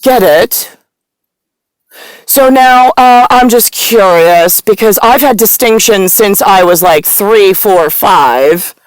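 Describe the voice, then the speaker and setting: A woman vlogger telling a rambling, profane personal story, at times breaking into loud rants. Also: mid-range voice, slow, no echo, rough recording.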